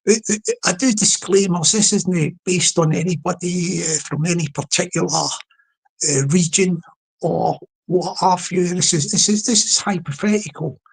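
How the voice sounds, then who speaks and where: Husky Scottish man rambling live. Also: sits high, measured pace, rough recording. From Scotland. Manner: chatty, repeats words, many restarts. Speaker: livestream host. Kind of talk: rambling comedic live commentary.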